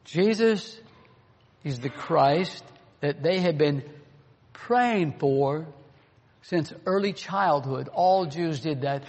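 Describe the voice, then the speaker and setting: A man's voice: a little high, animated, slow pace. A man preaching a sermon, earnest and full of rhetorical questions to the congregation. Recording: long hall reverb.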